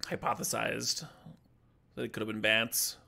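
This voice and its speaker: This man talks through a card game draft on stream in a playful, joking manner, cursing whenever excitement hits. He speaks at a measured pace in a fairly low, creaky voice.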